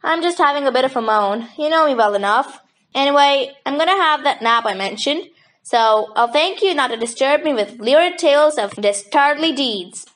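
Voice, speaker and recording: A woman's voice: high voice, lively intonation, normal speed. A woman reading an audiobook and voicing a sentimental, slightly nervous young woman with a wry, grumbling manner. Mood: dreamy. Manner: wry, grumbling, gently dramatic. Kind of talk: audiobook character voice.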